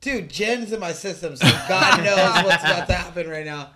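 A woman's voice: lowish voice, moderate pace, over music. Brief: woman, casual chat, giggly and teasing.

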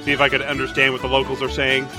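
A man's voice: medium pitch, monotone, rapid-fire, music in the background. A man hosting a casual podcast, easygoing and chuckling between remarks. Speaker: podcast host.

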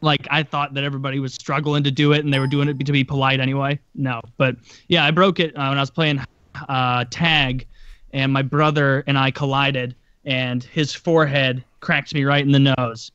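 A man's voice: mid-range voice, flat delivery, normal speed, fairly bright tone, clean tone, dry recording, dull audio. A man telling stories in casual chat, rambling with lots of filler words and the odd swear.

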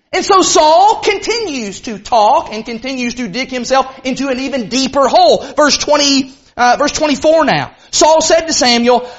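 A man's voice: very high voice, animated, moderate pace. A man preaching a sermon to a congregation in an emphatic, folksy way. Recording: dull lo-fi recording.

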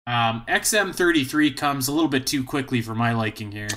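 A man's voice: mid-range voice, animated, brisk, bright, forceful tone, slight background noise. A man co-hosting a podcast, chatting casually and joking, often trailing off mid-sentence. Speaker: podcast co-host. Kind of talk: casual chat.

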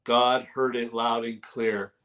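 A middle-aged man being interviewed as a guest author, telling his conversion story with fervor and sometimes shouting as he relives it. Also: medium pitch, level tone, slow. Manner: fervent storyteller, bursts into shouting when reliving moments. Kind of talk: testimony in a talk-show interview.

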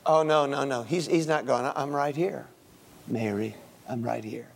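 A man doing a soft, tender comforting teacher. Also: mid-range voice, unhurried, gravelly, big-room sound, voice pushed down. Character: gentle, comforting risen teacher, male.

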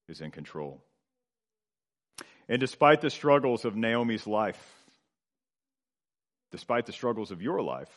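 A middle-aged man preaching a sermon. His delivery swells louder and then drops low and quiet. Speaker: pastor.

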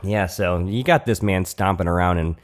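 A man's voice: deep voice, normal speed. Crude joking man reviewing a movie. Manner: loose, profane, joking, many fillers. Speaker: podcast co-host.

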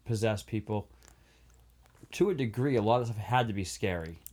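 A man's voice: on the low side, normal speed, a little mellow. A man co-hosting a podcast in casual chat, earnestly explaining his points in detail. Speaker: podcast co-host.

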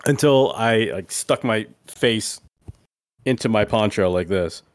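Low-voiced man telling a rambling story. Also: slow, dry recording, clean studio sound. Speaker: podcast co-host. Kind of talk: casual chat.

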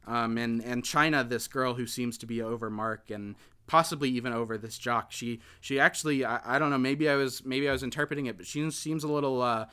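A man's voice: medium pitch, fairly even intonation, a little fast, bright, forceful tone, clean tone. A man casually recapping a film plot for a podcast, rambling with many fillers and restarts.

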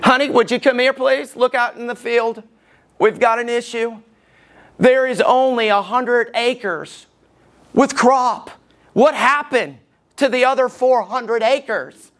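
A man's voice: very high voice, slow, a bit bright, pitched above the performer's own voice, heavily acted. A man acting out a puzzled farmer who calls his wife to look at a half-empty field. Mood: bewildered. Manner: bewildered, pleading.

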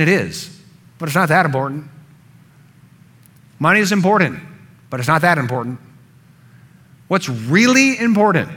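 A man's voice: on the high side, sharp tone. A man preaching a sermon, earnest, building emphasis through repetition. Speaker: pastor.

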